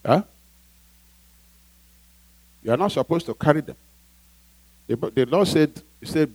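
Emphatic high-voiced male pastor. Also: expressive, a little slow, long pauses, darkish tone, dry recording, rough recording. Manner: emphatic, asks the congregation to fill in words. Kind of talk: sermon.

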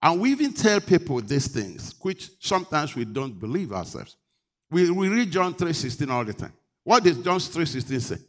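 Male pastor, slightly high voice, call-and-response sermon delivery, emphatic. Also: sing-song, normal speed. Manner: call-and-response preaching, building to emphatic shouts.

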